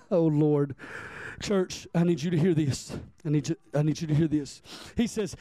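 A man preaching a sermon, animated and repetitive, stammering as he builds his points. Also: on the high side, a little slow, no echo. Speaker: pastor.

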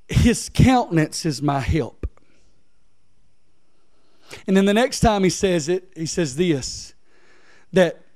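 A man preaching a sermon in a chatty way, swinging from loud scripture reading to soft, low asides. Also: no room sound, clean studio sound. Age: adult, father of three. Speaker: pastor.

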